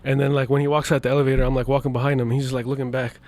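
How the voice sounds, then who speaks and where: A young man telling stories in a casual podcast chat, animated and laughing as he acts out what others said. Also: medium pitch, very fast. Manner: animated, acts out quoted voices, laughs often. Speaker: podcast guest, media founder.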